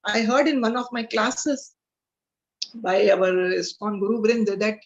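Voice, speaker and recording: A woman's voice: on the high side, measured pace. A woman with an Indian accent telling devotional stories in an earnest way, mixing in Hindi, speaking over a video call. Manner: earnest, mixes in Hindi, frequent fillers. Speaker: spiritual class speaker. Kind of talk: devotional storytelling talk. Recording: dull lo-fi video call audio.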